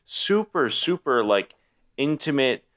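A man co-hosting a casual podcast about films, eager and excitable, talking in bursts. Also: mid-range voice, slow. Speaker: podcast co-host. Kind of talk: casual chat about movies.

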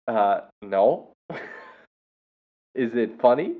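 A young man with a lowish voice tells a rambling, funny anecdote in a relaxed, casual way, cracking up as he goes. The recording is dull and lo-fi. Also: a little slow. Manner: laughs often, bursts into loud impressions. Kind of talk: casual storytelling. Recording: dull lo-fi sound.

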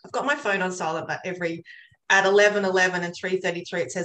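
A woman's voice: fairly low pitch, fairly even intonation, fast, fairly bright tone. A woman talking earnestly about her work as an energy healer, a chatty and rambling storyteller. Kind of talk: casual interview chat. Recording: roomy echo.

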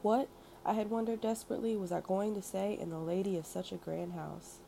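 A woman reading a first-person memoir aloud in a steady, measured storytelling manner. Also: medium pitch, vocal fry, a little hiss or hum, poor audio. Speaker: narrator. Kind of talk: audiobook memoir narration.

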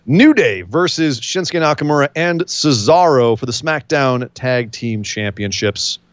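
A man co-hosting a casual wrestling predictions chat, rambling and animated, full of jokes and quick asides. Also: medium pitch, no room sound. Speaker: podcast co-host.

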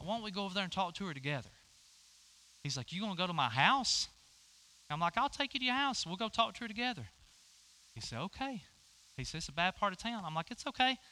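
Bright-voiced preacher telling a story. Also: male voice, a little high, smooth. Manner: animated storytelling, quoting both sides of a conversation. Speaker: pastor. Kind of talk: sermon with personal story.

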